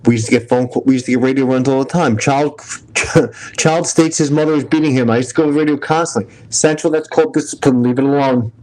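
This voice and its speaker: A man's voice: mid-range voice, fast, darkish tone. A middle-aged man with a New York accent, a retired police officer hosting a casual stream, telling blunt, profane stories and acting out the dialogue. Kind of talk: casual live-stream chat.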